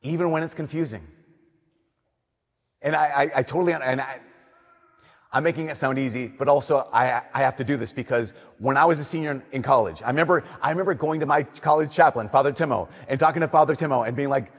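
A young man, a Catholic priest, giving an earnest, conversational homily that drops to soft emphasis. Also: medium pitch, fast. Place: church. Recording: long church reverb.

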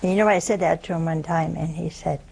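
A woman's voice: low voice, fairly even intonation, quick pace, vocal fry, a little mellow, slight background noise, poor audio. A woman giving a Catholic religious talk, telling humorous stories between points about forgiveness. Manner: storytelling, humorous asides. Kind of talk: spoken religious talk with anecdotes.

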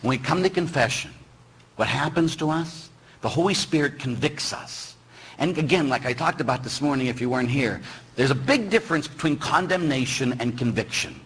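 Animated, husky-voiced male priest preaching. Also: medium pitch, moderate pace, low-quality recording. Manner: animated, teasing, asks the audience questions. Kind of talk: sermon.

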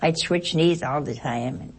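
An older woman, a nun, telling stories from her past in a plain-spoken, unhurried way. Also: low voice, slightly rough. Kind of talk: recalling her past in an interview.

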